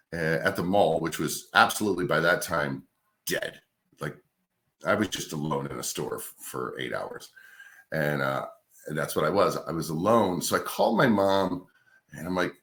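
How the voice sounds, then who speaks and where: A male radio host from New York's Capital Region, telling stories from his career in a relaxed, chatty interview. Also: low voice, moderate pace. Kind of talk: casual interview storytelling.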